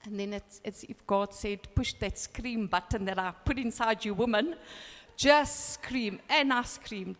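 A woman in her fifties giving a personal testimony, telling an animated story and acting out the dialogue. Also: a little high, unhurried, big-room sound.

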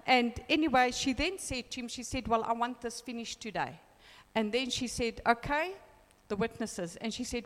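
A woman's voice: on the high side, brisk, fairly bright tone, long reverb tail. A middle-aged woman gives a heartfelt church testimony, quoting scripture and retelling prayers with emotion. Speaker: church member giving testimony.

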